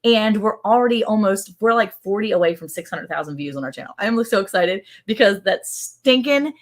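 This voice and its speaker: A woman hosting a casual livestream from a ranch home, chatty and excited and laughing often. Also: medium pitch, brisk. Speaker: livestream host.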